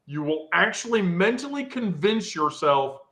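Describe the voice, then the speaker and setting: A woman's voice: fairly low pitch, very animated, measured pace, fairly bright tone. A woman hosting a live social stream, telling a rambling, profane story full of asides.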